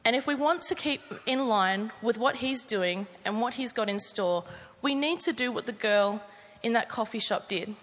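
A woman's voice: a little high, moderate pace, a bit bright, big-room sound. A woman preaching a sermon in a conversational, earnest storytelling manner.

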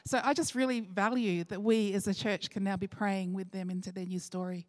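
A woman's voice: mid-range voice, fairly even intonation, brisk, darkish tone, no room sound. A woman leading a church service, chatting through announcements and laughing often.

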